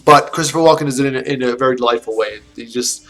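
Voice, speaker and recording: A fast-talking man with a medium-pitched, fairly bright voice rambles through a casual film review rant. He swears often, laughs at his own jokes and keeps restarting sentences, with plenty of fillers.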